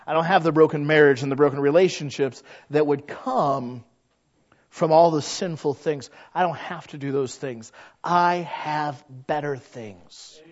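A man serves as pastor for a chatty, folksy sermon, slipping into character for quoted voices. His voice runs on the high side at a moderate pace. The recording is dull and lo-fi.

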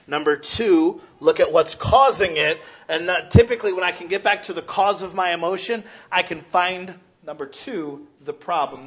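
A man pastor preaching a sermon in a church, animated, asking questions aloud and acting out what people say. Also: fairly high pitch, slightly rough, highs cut off. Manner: animated preaching, acting out quoted voices, shouts rhetorical questions.

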